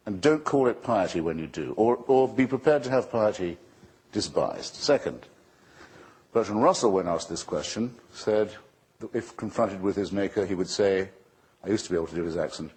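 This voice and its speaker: Sardonic husky-voiced man debating. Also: on the low side, expressive, normal speed, darkish tone. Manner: sardonic, rhetorical, emphatic. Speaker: public speaker. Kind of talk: public debate talk.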